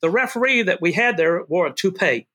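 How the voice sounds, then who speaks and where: An excitable older man with a bright, high voice talks a little fast as a guest in an animated storytelling interview. A former wrestling manager, he shouts "woo" and calls people baby and brother.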